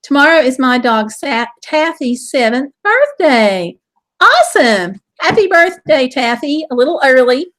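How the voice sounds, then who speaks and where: A woman's voice: high voice, very animated, unhurried, a bit bright. A woman hosting a casual live stream from home, with a Southern US accent, cheerfully reading viewer comments aloud.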